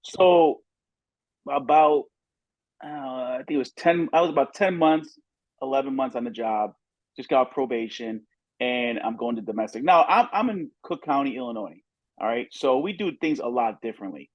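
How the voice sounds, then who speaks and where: A man's voice: mid-range voice, moderate pace, no room sound. Former police chief man, muffled audio. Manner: conversational, many fillers and restarts. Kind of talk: casual storytelling.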